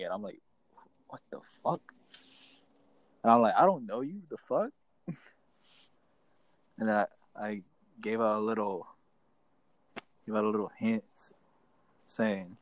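A man's voice: on the low side, normal speed, long pauses, dry recording, low-quality recording. A young man telling a rambling, profane story to his friends in casual chat. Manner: rambling, profane, restarts often.

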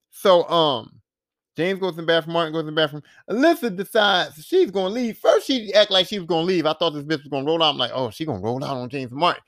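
Man, high-pitched voice, animated profane storyteller, dry close recording. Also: no echo. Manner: animated, profane, laughing storyteller acting out quotes. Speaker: podcast host. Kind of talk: casual recap of a TV series.

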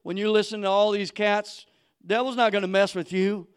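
High-voiced fiery preacher man. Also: fairly even intonation, normal speed, smooth. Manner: fiery, builds to shouting; casual street slang, acts out quoted people. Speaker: pastor. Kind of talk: sermon.

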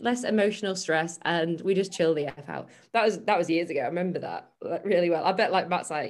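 A woman's voice: fairly low pitch, a little fast, few pauses. A woman co-hosting a casual fitness chat, telling stories and laughing often. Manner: chatty storytelling, laughs often. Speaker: podcast co-host and fitness coach.

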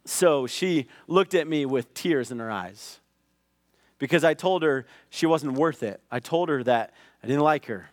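A middle-aged man preaching a sermon, telling a personal story in a conversational way that rises into loud acted outbursts. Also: fairly high pitch, lively intonation, measured pace, dry recording. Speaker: pastor.

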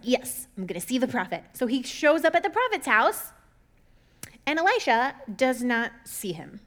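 A woman with a slightly high voice tells an old story in a relaxed, chatty way. She drops in sarcastic asides and slips into quick voices for the characters. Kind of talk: casual Bible story retelling.

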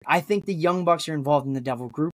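A man's voice: fairly high pitch, fast talker, no room sound. A man guesting on a wrestling podcast, rambling through theories in casual chat, with lots of restarts.

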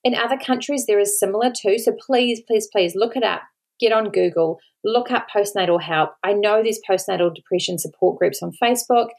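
A woman's voice: medium pitch, brisk, vocal fry, a little mellow. An Australian woman, a podcast host and mother, talking earnestly and pleadingly to listeners, near tears, repeating words for emphasis. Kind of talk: solo podcast talk.

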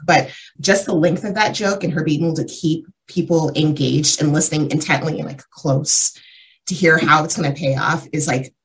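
A woman's voice: sits low, poor audio. A woman co-hosting a casual discussion about comedy, thinking aloud with many fillers. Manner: thoughtful, lots of fillers. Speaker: podcast co-host.

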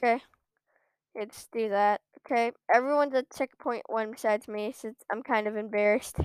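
A woman commenting live on her own gameplay, breaking into exasperated rants and outbursts. Her voice sits high and comes out smooth and clean, her delivery slow and drawn out. The sound is close and dry, with no room around it. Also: fairly even intonation, no room sound. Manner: exasperated ranting with frequent outbursts. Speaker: gamer streaming her own play. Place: at a computer.

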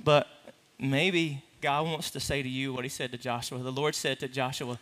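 Pastor, male, animated sermon delivery with playful asides; bright tone, long hall reverb. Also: medium pitch, normal speed. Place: large hall with a congregation.

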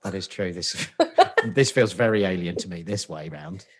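Podcast guest, male, Portsmouth accent, husky voice, casual and sweary self-deprecating banter. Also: low-pitched, animated, normal speed. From Portsmouth, England. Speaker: guest, marketing agency founder.

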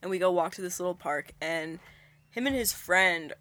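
A young adult co-host telling a story in casual chat, animated, laughing along and dropping to a hush for quoted lines. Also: medium pitch, moderate pace.

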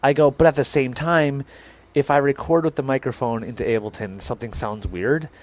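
A young man chats casually on a podcast, spinning a long anecdote. He pokes fun at himself and acts out each exchange with the other people in the story. His voice sits in an ordinary middle pitch. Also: steady tone, fairly quick, a little mellow. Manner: rambling, self-deprecating, acts out both sides of conversations. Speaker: podcast co-host.

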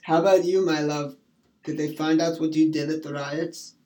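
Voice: medium pitch, steady tone, moderate pace, warm tone. A streamer rambling in a casual chat, goofy, breaking into sing-song rhymes and silly put-on voices.

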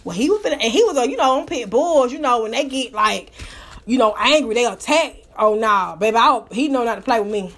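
A woman with a high voice tells a rambling story in a casual, animated way. She swears freely and keeps up a lively, conversational delivery. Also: fairly quick. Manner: profane, animated, breaks into laughter.

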